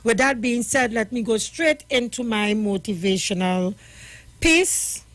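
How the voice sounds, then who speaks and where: A woman's voice: a little high, lively intonation, unhurried, fairly bright tone, no echo. A woman radio host in a studio, talking cheerfully and praying, repeating phrases for emphasis. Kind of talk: upbeat radio talk with prayer.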